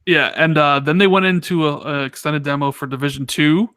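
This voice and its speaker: A man co-hosting a casual gaming podcast, talking in an animated, exasperated, ranting way. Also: fairly high pitch, a little fast, clear, resonant tone, no echo. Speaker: podcast co-host.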